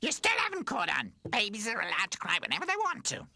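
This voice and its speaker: A man reading a storybook, voicing a spoiled, taunting baby toy in a high, sing-song voice. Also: wildly swooping pitch, fast, vocal fry, bright, forceful tone, dry recording, studio quality, exaggerated voice. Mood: bratty.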